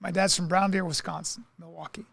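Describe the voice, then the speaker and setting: High-voiced rambling male podcast storyteller. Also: flat delivery, a little fast, vocal fry, fairly bright tone, no room sound. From New York. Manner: rambling storyteller, many restarts and acted-out quotes. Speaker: podcast co-host. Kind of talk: casual comedic chat.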